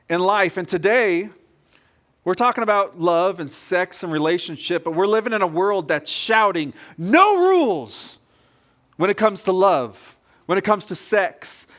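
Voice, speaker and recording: A man preaching a sermon as pastor, telling a story in an animated, direct way. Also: high voice.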